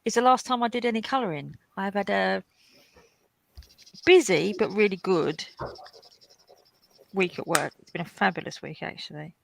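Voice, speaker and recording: A woman's voice: mid-range voice, normal speed, gravelly, long pauses, a little hiss or hum, poor audio. A woman hosting a live colouring stream, telling chatty anecdotes in casual talk. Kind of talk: casual chat.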